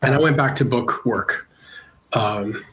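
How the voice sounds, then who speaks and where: A middle-aged man from Canada, an illustrator with a cold, talking casually in an interview, relaxed and hesitant with many fillers. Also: medium pitch, a little slow, a little hiss or hum. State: congested from a cold. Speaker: illustrator guest.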